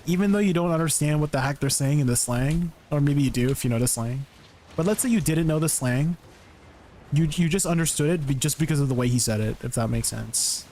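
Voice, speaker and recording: A young man chats casually through a live gaming stream, his voice sitting a little high for a man. He rambles, restarts sentences and is easily amused. A faint layer of background noise runs beneath the recording. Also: fairly quick, a little mellow. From not British.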